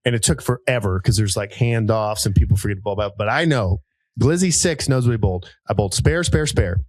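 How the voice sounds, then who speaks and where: A man in his thirties, a podcast co-host telling a rambling, animated story with many fillers and jumps into high voices for people he quotes. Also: a little fast, no echo. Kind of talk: casual storytelling chat.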